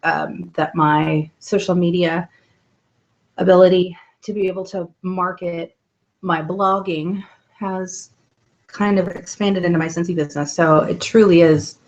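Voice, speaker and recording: A woman's voice: lowish voice, fairly even intonation, unhurried, a little mellow, muffled recording. A woman hosting a weekly live video hangout from home at night, chatting in an upbeat way with many ums. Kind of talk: casual live webcam talk. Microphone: laptop webcam mic.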